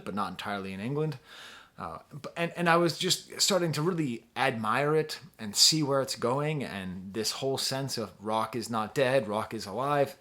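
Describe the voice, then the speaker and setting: A middle-aged man from the States hosts a casual music review, thinking aloud as he goes. He rambles and pokes fun at himself, often stopping and restarting a sentence. His voice sits at an ordinary middle pitch. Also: a bit bright. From United States. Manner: rambling, chatty, self-deprecating with frequent restarts. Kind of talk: casual talking-head review.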